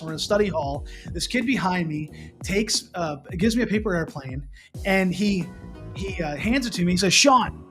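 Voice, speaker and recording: A middle-aged man from Pennsylvania hosting a casual morning show, telling a story with lots of restarts and asking listeners questions. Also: sits high. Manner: animated, restarts and repeats, asks the listener questions. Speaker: host.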